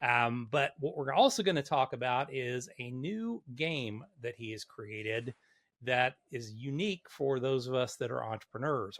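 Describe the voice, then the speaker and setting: A man's voice: mid-range voice, a bit bright. A man hosting a podcast, introducing his guest and joking in friendly, casual banter. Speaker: podcast host. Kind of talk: casual interview chat.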